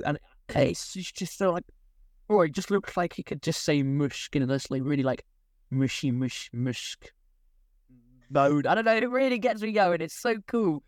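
A man's voice: fairly high pitch, dry recording, clean studio sound. A young man co-hosting a casual podcast, rambling and laughing as he talks. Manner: rambling, self-interrupting, laughs often. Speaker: podcast co-host.

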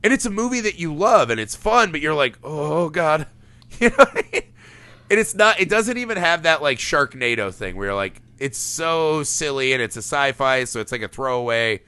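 Podcast host, male, bright tense voice, dry close mic, excitable and sweary. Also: on the high side, brisk, clean tone, no room sound. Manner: animated, laughs often, swears casually. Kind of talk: casual podcast film chat.

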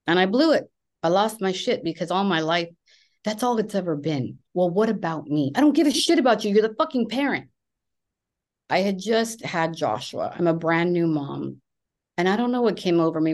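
A low-voiced woman in her thirties or forties, talking as a therapist. She speaks bluntly and emphatically, swearing freely as she makes her points in a candid conversation. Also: darkish tone. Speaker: therapist, podcast guest.

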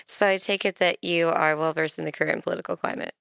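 A woman voicing an amused, charmed female character who speaks in a smooth, measured way. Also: fairly low pitch, steady tone, fairly bright tone, dry recording, studio quality, voice pushed down.

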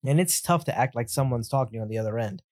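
A man co-hosting a podcast in a casual film chat, speaking in a measured, thoughtful way. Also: medium pitch, no echo, studio quality. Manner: measured, thoughtful, draws on stage acting experience. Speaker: podcast co-host.

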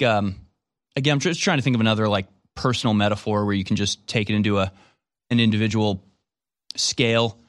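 A man's voice: mid-range voice, fairly bright tone, no echo, clean studio sound. A man hosting a political talk radio show, delivering a sarcastic monologue and mocking his opponents. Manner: sarcastic, mocks opponents in put-on quotes.

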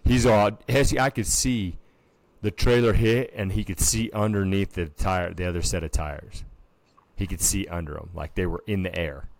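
A man's voice: low-pitched, fairly even intonation, moderate pace, no room sound. A man co-hosting a casual podcast, telling a story animatedly and peppering it with filler words. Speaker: podcast co-host. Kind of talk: casual chat.

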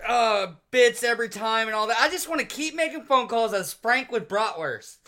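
Animated high-voiced rambling man. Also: moderate pace, slight background noise. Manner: rambling, swears freely, lots of fillers. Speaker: podcast co-host. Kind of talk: casual chat.

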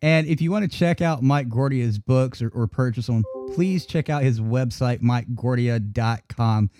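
A man's voice: medium pitch, normal speed, over music. A man from North Carolina hosting a podcast, telling stories with lots of swearing. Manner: profane, animated storytelling. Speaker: podcast host. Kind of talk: casual chat.

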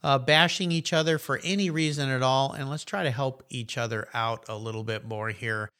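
A man's voice: mid-range voice, steady tone, moderate pace, sharp tone, clean tone. A male podcast host chatting in a friendly, upbeat and encouraging way. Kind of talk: casual interview chat.

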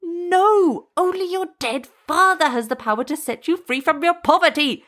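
A woman voicing a frightened, pleading old male witch doctor in a storybook reading, drawing his words out high and slow. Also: fairly bright tone. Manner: high, drawn-out, pleading delivery.

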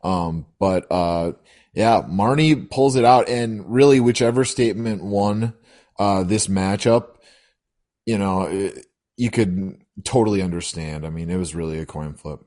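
Low-voiced hesitant podcast co-host. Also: male voice, measured pace, darkish tone. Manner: hesitant, many fillers. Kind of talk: casual podcast chat.

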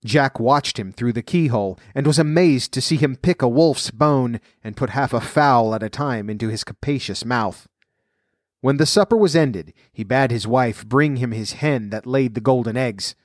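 A man narrating a fairy tale in a steady, even storybook reading. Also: medium pitch, normal speed, no echo, clean studio sound.

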